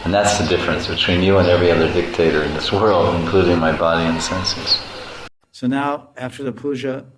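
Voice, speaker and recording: A man giving a devotional lecture as a spiritual teacher, animated and playful, often laughing and acting out voices. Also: deep voice, brisk. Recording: echoey room with background noise.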